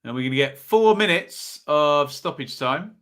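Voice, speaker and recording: A man's voice: on the high side, animated, moderate pace, a bit bright, clear, resonant tone. A man with an East Anglian accent hosting a live football watch-along, giving chatty running commentary and reacting to viewers in the chat.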